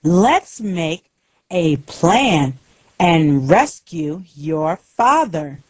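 A woman voicing a young male bird who is lost and scared, speaking simple lines slowly and clearly. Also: fairly low pitch, very animated, darkish tone, dry recording, studio quality, heavily acted. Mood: kind, determined.

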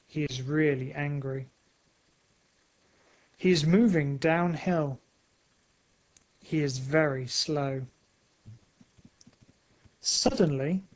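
A man narrating a simple storybook slowly and clearly. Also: fairly high pitch, poor audio. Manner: slow, clear, simple phrasing.

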